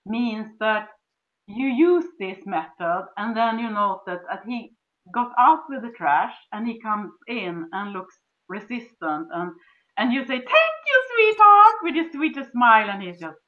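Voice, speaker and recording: A woman's voice: mid-range voice, animated, unhurried. A woman with a Swedish accent, a relationship coach, explaining step by step and acting out sweet dialogue. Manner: acts out dialogue with sweet cooing voices. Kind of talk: instructional conversation. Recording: dull lo-fi sound.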